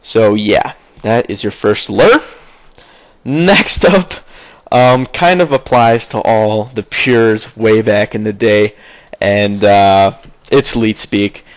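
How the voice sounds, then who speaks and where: A man's voice: lowish voice, takes it slowly, no echo. A young man chatting casually about his gaming memories, rambling with lots of fillers and frequent swearing. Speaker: gaming video maker. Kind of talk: casual nostalgic gaming chat.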